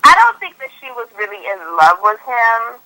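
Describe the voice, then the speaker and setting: Woman podcast host, slangy and laughing, bright and animated. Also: a little high, moderate pace, low-quality recording. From US West Coast. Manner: loose, slangy and laughing, with many fillers. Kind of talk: casual chat.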